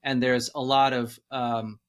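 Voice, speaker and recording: A man's voice: medium pitch, flat delivery, unhurried. A man as a podcast guest, chatting casually and hesitantly with many ums. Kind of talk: casual chat.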